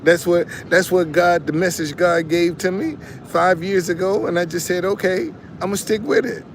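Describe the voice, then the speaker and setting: Man, slightly high voice, preachy casual streamer, repeats himself, faint traffic behind. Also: normal speed. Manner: preachy, repeats phrases, frequent restarts. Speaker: online commentator. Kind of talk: casual motivational livestream talk.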